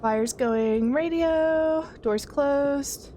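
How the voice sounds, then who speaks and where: A woman's voice: high voice, very slow, dark tone, slight background noise. A young woman streaming a horror game, jittery and talking to her chat as she checks things off aloud. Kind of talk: casual horror game let's play.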